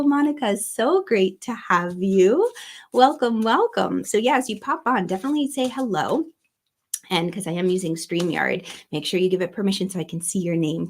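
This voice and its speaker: A middle-aged woman hosting an astrology livestream, chatty and giggly, greeting viewers by name. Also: medium pitch. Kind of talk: casual livestream talk.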